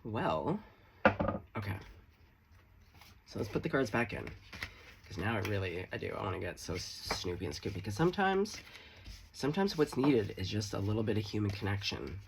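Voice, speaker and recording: Male tarot reader, casual and playful, expressive pitch, slight fry. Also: fairly quick, noisy background. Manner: chatty, swearing, playful asides. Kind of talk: casual tarot reading to camera.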